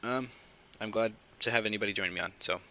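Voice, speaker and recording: A young man hosting his own casual podcast, talking quietly and hesitantly at home late at night, with many fillers. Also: on the low side, fast, slight background noise, low-quality recording. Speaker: podcast host. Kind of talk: casual solo podcast talk.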